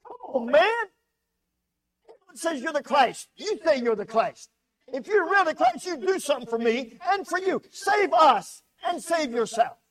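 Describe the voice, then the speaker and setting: A man voicing an angry, resentful male criminal on a cross who rails and taunts loudly. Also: very high-pitched, sing-song, normal speed, pitched above the performer's own voice, exaggerated voice. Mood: taunting. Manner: railing, taunting, loud.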